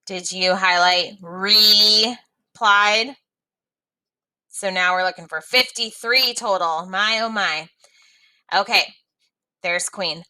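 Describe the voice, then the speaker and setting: A woman's voice: takes it slowly, pauses often, pushed and bright, rough recording. A woman teacher guiding young students through a reading lesson, reading the story aloud and calling them friends. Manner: reads the story aloud with pitch jumps for the geese; friendly, addresses pupils as friends.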